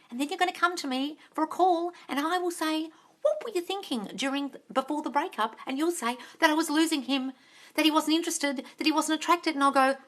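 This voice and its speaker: A young woman hosting a livestream Q&A, talking bluntly and swearing freely as she drives her points home. Her voice sits high, bright and sharp-edged, and she reads chat messages out between emphatic stretches. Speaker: manifestation coach on a livestream. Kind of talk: ranting livestream Q&A.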